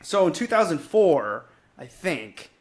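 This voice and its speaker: A man in his thirties co-hosting a movie podcast, telling stories in a casual, profane, animated way. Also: fairly high pitch, takes it slowly. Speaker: podcast co-host.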